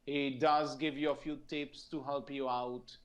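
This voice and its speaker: A man's voice: medium pitch, little pitch movement. A man co-hosting a podcast over an online voice call, talking casually with frequent laughs, fillers and restarts. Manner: giggly, halting, lots of fillers and restarts. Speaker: podcast co-host. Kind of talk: casual chat.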